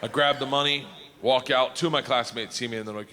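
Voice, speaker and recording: A man doing stand-up storytelling, loud and raucous, shouting his punchlines. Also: medium pitch, steady tone, quick pace, some chatter behind, a little hiss or hum. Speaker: comedian. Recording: reverberant stage recording.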